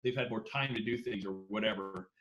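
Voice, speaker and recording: A man's voice: fairly low pitch, brisk, fairly bright tone, highs cut off. A man on a casual team video call, making an earnest, rambling point and often asking "you know what I'm saying".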